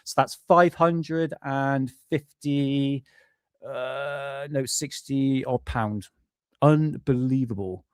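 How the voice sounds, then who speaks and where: A man's voice: medium pitch, slow pace, clean tone, no echo, clean studio sound. A middle-aged British man hosting a casual live stream from home, chatty, swearing often and laughing at himself. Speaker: livestream host. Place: home room.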